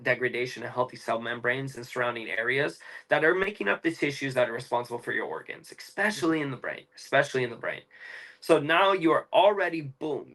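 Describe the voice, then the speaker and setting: A young man, an interview guest, explaining at length in a fast, emphatic, casual way with slang. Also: mid-range voice, pushed and bright, low-quality recording.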